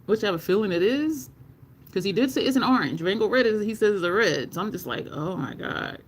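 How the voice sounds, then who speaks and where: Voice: mid-range voice, lively intonation, fast, slight background noise. Chatty makeup livestream host. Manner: chatty, laughs often, answers viewers in chat; curses casually in conversation. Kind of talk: casual livestream chat while doing makeup.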